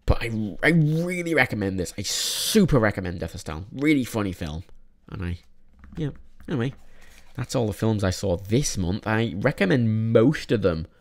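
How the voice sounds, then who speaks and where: A young man casually reviewing films in a vlog, rambling with many restarts and frequent swearing. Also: fairly low pitch. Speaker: film reviewer.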